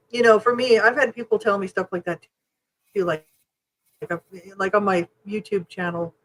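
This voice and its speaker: A woman co-hosts a relaxed podcast chat, telling stories with feeling and slipping into quoted voices. Her pitch sits in the middle for a woman, and her delivery is open and heartfelt. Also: a little slow, rough recording. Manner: emotional, animated storytelling with quoted voices. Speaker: podcast co-host. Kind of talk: casual chat.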